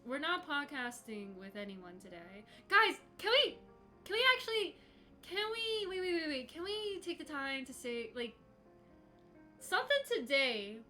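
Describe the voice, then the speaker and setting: A woman's voice: sits high, pushed and bright. A young woman in her twenties hosting a casual livestream from home, chatty and swearing freely as she greets chatters by name. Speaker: podcast host live-streaming to chat.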